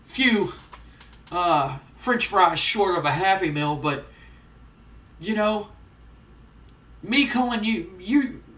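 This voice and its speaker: A man's voice: high voice, a bit bright, far from the mic, full character voice. A man voicing an arrogant male pro wrestler who cuts a contemptuous, insulting promo. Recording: roomy, off-mic.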